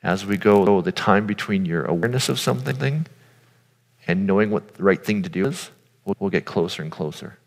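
A man's voice: sits low, expressive, brisk, vocal fry. A man giving an earnest, informal sermon, speaking directly to his audience. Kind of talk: conversational sermon. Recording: long hall reverb.

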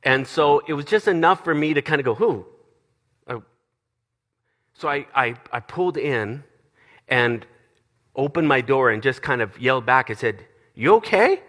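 A man preaching in a storytelling way, animated and expressive, with sudden jumps in pitch. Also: normal speed, pauses often. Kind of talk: storytelling sermon. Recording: long reverb of a large hall.

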